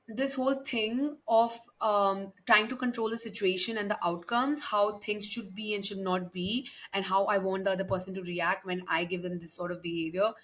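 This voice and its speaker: A woman's voice: medium pitch, fairly bright tone. A young woman hosting a podcast, giving a frank, emphatic solo monologue with frequent swearing and restarts. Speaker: podcast host.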